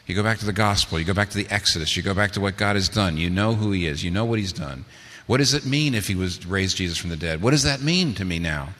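A man's voice: lowish voice, pushed and bright. Man preaching a sermon in a reverberant hall. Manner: rhetorical questions, rising to emphatic peaks. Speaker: pastor.

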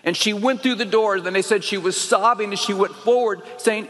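A man's voice: high voice, normal speed, few pauses, a bit bright, long reverb tail. A man preaching, telling his own story with earnest, emphatic rising phrases. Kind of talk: sermon testimony.

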